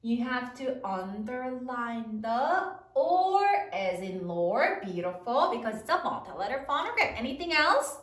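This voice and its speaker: Animated woman teacher, sing-song and slow. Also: fairly high pitch, roomy sound, far from the mic, background noise. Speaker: elementary school teacher. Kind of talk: spelling lesson to third graders.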